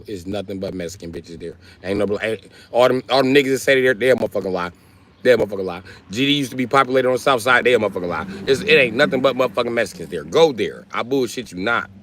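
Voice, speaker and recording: A man's voice: on the low side, a bit bright. A man from Wisconsin with a Milwaukee accent, hosting a live stream and chatting in a crude, boisterous, rambling way. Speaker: livestream host. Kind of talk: casual livestream chat.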